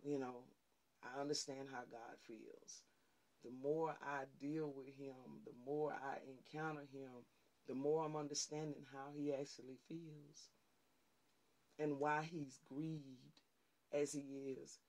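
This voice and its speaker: A man's voice: mid-range voice, flat delivery, slow pace, a little mellow. A man hosting a ministry livestream who preaches informally, repeats his phrases and slips into fervent spoken prayer. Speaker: ministry host.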